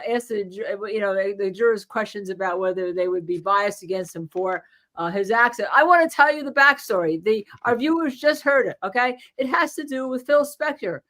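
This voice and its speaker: A woman's voice: fairly high pitch, fairly bright tone. A woman with a New Jersey accent hosting a live legal panel over a video call, telling stories animatedly and laughing often. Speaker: legal show host.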